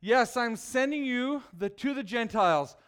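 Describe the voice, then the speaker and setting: A man preaching a lively sermon that asks the listeners questions. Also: extremely high pitch, unhurried, clear, resonant tone. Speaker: children's preacher.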